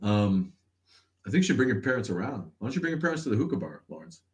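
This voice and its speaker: Low-voiced sarcastic, profane male host. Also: very animated, quick pace. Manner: profane, sarcastic, laughs often. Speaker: podcast host. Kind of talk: casual livestream chat.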